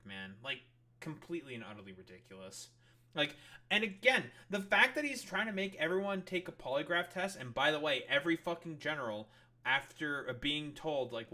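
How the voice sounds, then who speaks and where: A man with a bright, forceful voice rants at political clips as he streams. He swears constantly and sounds openly fed up. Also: medium pitch, expressive, brisk. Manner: angry, profane ranting. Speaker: streamer reacting to news clips. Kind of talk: casual political commentary.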